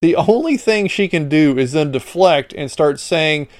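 A man's voice: on the high side, lively intonation, a little slow, dry recording, clean studio sound. A man hosting a podcast, commenting bluntly and with exasperation on a hearing clip. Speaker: podcast host.

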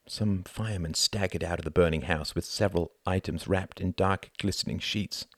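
A man who wrote the novel reads his own audiobook in a measured, expressive way. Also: sits low, dry recording, studio quality. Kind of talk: dramatic audiobook narration.

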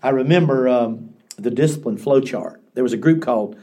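An older male pastor tells stories with an earnest, reflective manner, often circling back to restart a thought. His voice is warm and mellow, sitting at an ordinary middle pitch for a man. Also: normal speed. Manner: earnest storytelling with frequent restarts. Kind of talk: podcast interview.

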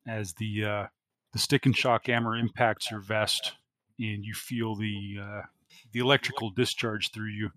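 A man's voice: fairly low pitch, little pitch movement, unhurried, sharp tone, no echo. A man running a tabletop role-playing game as game master, narrating the action and working through the rules as he goes. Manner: narrates action and rules, with many fillers and restarts.

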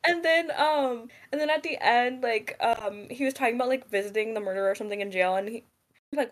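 A woman's voice: a little high, a little fast. A young woman co-hosting a podcast in casual chat, rambling with many fillers and giggles. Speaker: podcast co-host.

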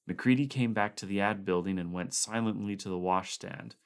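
A man narrating a story aloud in a calm, even storytelling voice. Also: fairly low pitch, a little fast, few pauses, smooth. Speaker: audiobook reader.

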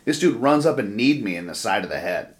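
A man telling a rough story in casual podcast chat, profane and rambling, with lots of fillers. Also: lowish voice, very animated, brisk.

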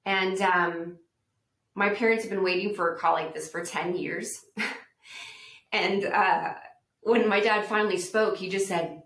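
A woman's voice: medium pitch, fairly even intonation, measured pace, pauses often, a bit bright. Earnest woman guest in a roomy space. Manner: earnest, reflective, acts out quoted voices. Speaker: podcast guest speaker. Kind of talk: personal testimony storytelling. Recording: roomy echo.

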